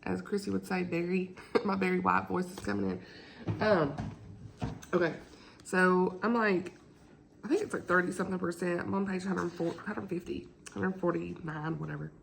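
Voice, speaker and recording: Lady rambling about her books at home, kinda gravelly morning voice, laughs a lot. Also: steady tone, moderate pace, a little hiss or hum, poor audio. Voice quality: deep morning voice. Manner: chatty, rambling, laughs often. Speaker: book vlogger. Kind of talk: casual chat.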